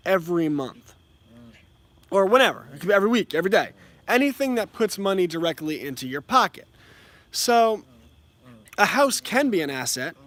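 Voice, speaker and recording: Frank, high-voiced young man explaining. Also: a bit bright. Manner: frank, opinionated, explaining with examples. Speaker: educator. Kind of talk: casual commentary.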